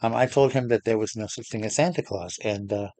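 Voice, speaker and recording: A man's voice: on the low side, brisk, dark tone. A man vlogging, telling a long personal story in a chatty, rambling way with many restarts. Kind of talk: casual storytelling to camera.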